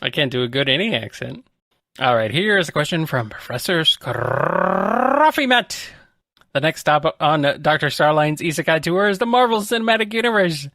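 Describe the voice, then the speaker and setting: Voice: medium pitch, lively intonation, normal speed, a bit bright, dry recording, clean studio sound. A podcast co-host who laughs often and reads out listener questions in casual chat.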